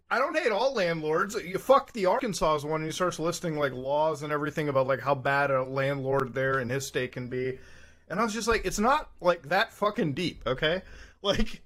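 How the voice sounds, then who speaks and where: Animated, profane young man on a podcast. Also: on the high side. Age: 20s. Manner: animated, profane storytelling, acts out quoted exchanges. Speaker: podcast co-host. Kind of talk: casual podcast chat.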